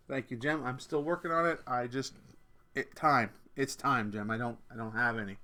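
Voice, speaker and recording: Bright-voiced chatty man laughing a lot. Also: medium pitch, fairly even intonation, normal speed. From Canada. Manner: chatty, laughs often, swears casually. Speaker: podcast host. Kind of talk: casual storytelling rant.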